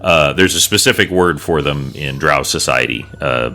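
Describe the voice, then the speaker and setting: A man's voice: a bass voice, moderate pace, bright, forceful tone. A man narrating as dungeon master in a rambling, casual way with many fillers. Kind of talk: narrating a tabletop game.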